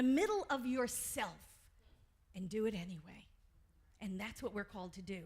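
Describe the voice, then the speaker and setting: A middle-aged woman, a reverend, preaching a sermon with animated storytelling and frequent laughter. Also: mid-range voice, moderate pace, pauses often, husky.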